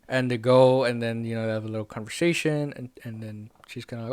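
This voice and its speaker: A man's voice: mid-range voice, steady tone, fairly quick, hardly any pauses, a little mellow, clear, resonant tone, no room sound. A young man hosting a podcast, recapping a show in casual chat, rambling and profane with laughing asides. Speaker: podcast host.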